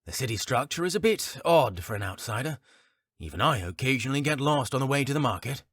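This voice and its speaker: In an audiobook, a man performs a gossipy, chuckling middle-aged innkeeper, raising his voice above its natural pitch. The delivery is animated and quick, medium in pitch with a fairly bright tone. The recording is clean studio sound with no room echo.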